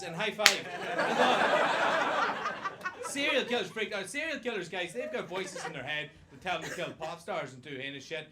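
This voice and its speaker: A man's voice: sits high, lively intonation, normal speed, very noisy. A man with an Irish accent doing a stand-up comedy set on a club stage, self-mocking and swearing freely. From Ireland.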